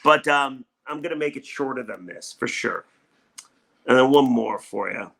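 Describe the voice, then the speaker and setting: A man's voice: mid-range voice, normal speed, vocal fry, fairly bright tone. A middle-aged man hosting a solo sports talk show, ranting heatedly about his team between casual chat. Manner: fired-up ranting. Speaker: sports radio host.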